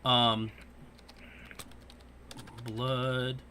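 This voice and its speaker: A man's voice: mid-range voice, drawn-out words, slight background noise. A man hosting a casual podcast, telling stories and ranting with lots of swearing. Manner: profane, animated ranting storyteller. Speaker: podcast host.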